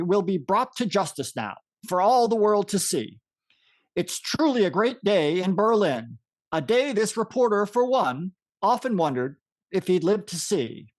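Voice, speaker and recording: A man putting on the voice of a solemn 1940s wartime radio reporter, reading a broadcast in a formal, measured newsreel manner. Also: high-pitched. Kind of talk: 1940s radio announcer impression.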